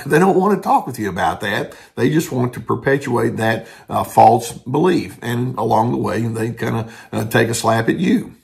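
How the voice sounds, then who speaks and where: An older man with a gravelly, fry-touched voice talks as a therapist explaining to his viewers. His delivery is earnest and steady, with brief quoted asides. His pitch sits at an ordinary middle level for a man. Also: normal speed. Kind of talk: talking-head explainer.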